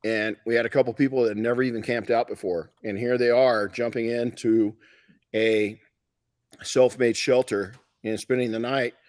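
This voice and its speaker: A man's voice: medium pitch, steady tone, normal speed, darkish tone, no echo. Folksy middle-aged man, dry close sound. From Southern California. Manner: rambling, folksy storytelling with many restarts. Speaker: podcast host and detailing educator. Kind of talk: live podcast talk.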